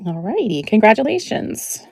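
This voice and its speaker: A woman hosting a live jewelry auction stream, chatting in a relaxed way as she describes each piece, with many ums. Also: medium pitch, normal speed, vocal fry, breathy edge, no echo.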